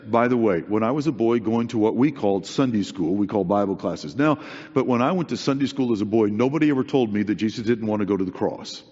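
A man's voice: fairly low pitch, expressive, brisk, a little mellow, husky. A male preacher giving a sermon in an earnest, conversational way, stressing points by repeating them. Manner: earnest, conversational, emphatic repetition. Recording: dull recording with long hall reverb.

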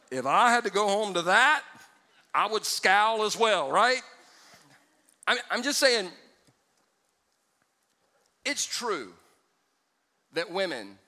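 A male pastor preaching a sermon, joking with the congregation and dropping from loud exclamations to hushed asides. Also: sits high. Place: church sanctuary before a congregation. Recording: church hall with long reverb.

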